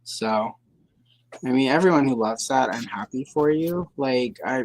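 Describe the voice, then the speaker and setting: A woman's voice: a bass voice, measured pace, a little mellow, poor audio. A woman hosting a livestream, chatting casually in a rambling, hedging way with dry sarcasm. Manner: rambling, hedging, full of fillers and self-corrections. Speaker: livestream host.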